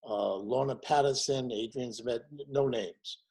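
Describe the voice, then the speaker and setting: A husky-voiced man in his sixties swaps show business stories with animated energy. His pitch sits in an ordinary middle range, and he keeps breaking into other voices to act out the people he quotes. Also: measured pace, poor audio. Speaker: guest, warm-up comedian. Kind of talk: casual storytelling chat.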